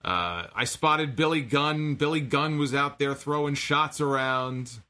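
A man with a bright, forward voice talks casually and wryly as a podcast host. He recaps wrestling at an easy conversational pace, now and then reading out listener donations. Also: medium pitch, measured pace. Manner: wry, chatty, reads out listener donation messages. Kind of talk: casual solo show recap.

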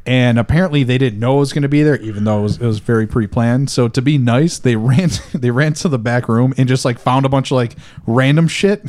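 A young man of medium pitch tells a meandering story on a casual podcast. He stops and starts, piling up fillers as he goes. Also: darkish tone. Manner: rambling, halting with fillers. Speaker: podcast co-host. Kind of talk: casual chat.

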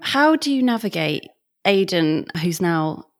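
A woman hosting a podcast, asking the guest gentle, searching questions. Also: medium pitch, sing-song, a little slow, no room sound, clean studio sound, faint music behind. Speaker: podcast host. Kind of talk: interview questions.

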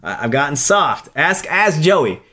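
His voice runs a little high and a little slow, very animated, with a bright, forceful tone. He's a thirty-something radio host co-hosting a podcast, talking casually, emotionally, and ramblingly with frequent restarts.

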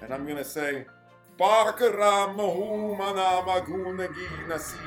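A man's voice: sits high, normal speed, a bit bright, low-quality recording. A man voicing a crude, scheming, dying old rich father in a comedic audio drama, vulgar and gleefully villainous. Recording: music behind.

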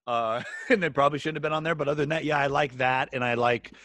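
Man, casual chat, rambling, hesitant, dry sound, mid-pitched. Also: steady tone, quick pace, fairly bright tone, dry recording. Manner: rambling, hesitant with many restarts. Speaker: podcast co-host.

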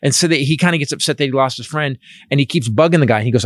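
A man hosting a casual comedic chat, rambling and animated, acting out the people he talks about. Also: mid-range voice, fast talker, no echo, studio quality.

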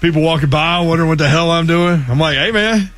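A man hosting sports radio, joking and quick-witted at a studio microphone. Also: on the high side, little pitch movement, faint music behind. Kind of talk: casual sports radio banter.

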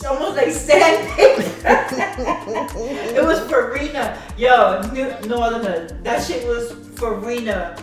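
A woman co-hosting a casual podcast chat, telling animated stories, laughing often and swearing freely. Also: on the high side, takes it slowly, hardly any pauses. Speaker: podcast co-host. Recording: echoey distant mic with background music.

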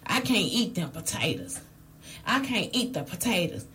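A woman imitating a fussy older female guest who hushedly complains about the food. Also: fairly low pitch, sing-song, normal speed, slight background noise, pitched below the performer's own voice.

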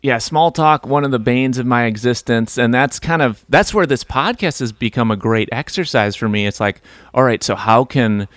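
A man's voice: mid-range voice, moderate pace, hardly any pauses, fairly bright tone, dry recording, studio quality. A man hosting a podcast in casual chat, chatty and enthusiastic. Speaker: podcast host.

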